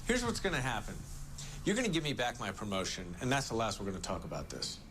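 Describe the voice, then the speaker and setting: A man's voice: fairly low pitch, sing-song, fast, fairly bright tone, slight background noise. Cool, cocky male lawyer. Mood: commanding. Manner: cool, commanding, sarcastic. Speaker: confident lawyer in a TV drama. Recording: TV clip with music underneath.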